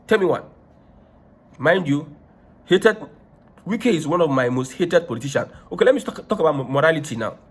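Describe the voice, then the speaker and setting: A man's voice: on the high side, expressive, quick pace, husky. A Nigerian man giving opinionated political commentary, emphatic and repeating points for stress.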